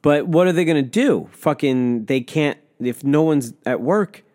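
A man's voice: fairly high pitch, unhurried, darkish tone. A young man co-hosting a podcast, chatting casually and bluntly, swearing often and cutting in. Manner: blunt, swears often, talks over the other speaker. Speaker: podcast co-host. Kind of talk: casual chat.

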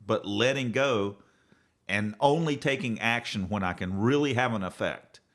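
A man's voice: lowish voice, moderate pace, fairly bright tone. A man co-hosting a casual chat, laid-back and supportive.

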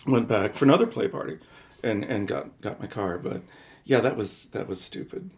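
A man's voice: fairly low pitch, very animated, normal speed, darkish tone. A man co-hosting a podcast, telling long rambling stories in casual chat, with self-mocking asides. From Midwest United States. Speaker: podcast co-host.

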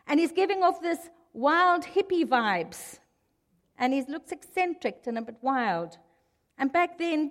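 A woman preaching a sermon, telling the story with lively asides. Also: high voice, big-room sound.

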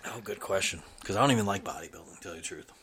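A relaxed man in his thirties chats on a podcast in a slightly low voice. He talks easily, laughs often and fills his pauses with ums. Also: breathy edge. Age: 30s. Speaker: podcast host and father. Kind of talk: casual chat.

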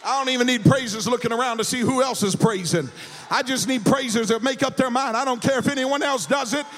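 A male pastor preaching a sermon, shouting in a sing-song cadence and stammering repeated words. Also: very high voice, fairly quick, slight background noise. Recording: reverberant church hall.

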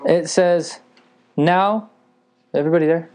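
A man's voice: on the high side, a little slow, darkish tone. A man preaching a sermon with eager energy, reading scripture and often checking that his listeners are following. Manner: eager, keeps checking in with the audience.

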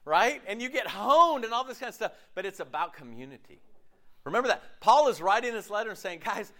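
Preaching with a voice that sits high and moves fairly quickly, a pastor keeps things lively and conversational, voicing the characters he quotes and laughing at himself along the way.

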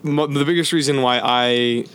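A man's voice: medium pitch, normal speed, fairly bright tone, clean tone. A man co-hosting a podcast in casual chat, earnest and agreeable. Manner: earnest, agreeable, laughs easily. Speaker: podcast co-host.

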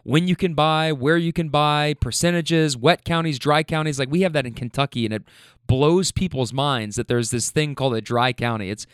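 A man casually telling a funny anecdote, animated and often laughing as he mimics the people in it. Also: fairly high pitch, normal speed, clean tone, no room sound, studio quality. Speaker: storyteller recounting a rideshare trip.

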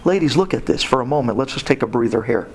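A man giving a sermon-style storytelling talk to women, animated and emphatic, with pitch swinging sharply up and down. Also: fast talker, breathy edge.

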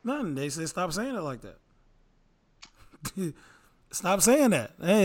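Laid-back, playful man, slightly high voice. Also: sing-song, slow, pauses often. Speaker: podcast co-host. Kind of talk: casual chat.

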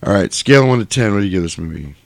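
A man's voice: on the low side, racing, vocal fry, dry recording. A man casually recapping a film plot for his co-host, acting out the lines. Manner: animated retelling, acting out lines. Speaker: podcast co-host. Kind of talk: casual movie recap chat.

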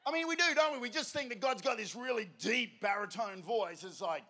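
A man preaching an energetic, conversational sermon full of rhetorical questions. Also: extremely high pitch, a little fast. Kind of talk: evangelistic sermon.

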